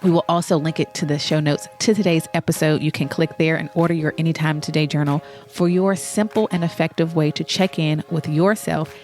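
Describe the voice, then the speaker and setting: A woman's voice: low-pitched, steady tone, brisk, a little mellow, faint music behind. A woman hosting a solo podcast, talking in an earnest, reflective, conversational way, a little congested. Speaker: podcast host.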